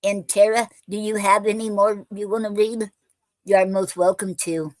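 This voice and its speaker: A woman hosting a poetry livestream who invites guests to read, then recites her own poems in an unhurried way, with plenty of fillers and pauses between them. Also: medium pitch, flat delivery, a little mellow, no echo, low-quality recording.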